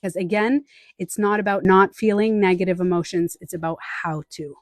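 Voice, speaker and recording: Animated woman coaching on a live stream. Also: mid-range voice, normal speed, no room sound, clean studio sound. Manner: animated, acts out quoted inner voices, laughs and trails off.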